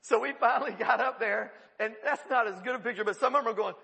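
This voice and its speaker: A man preaches with a high, gravelly, bright voice. He tells a funny story in an animated way and often breaks into laughter mid-sentence. The long reverb of a large hall trails behind his words. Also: a little fast. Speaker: pastor. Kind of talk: sermon with humorous storytelling.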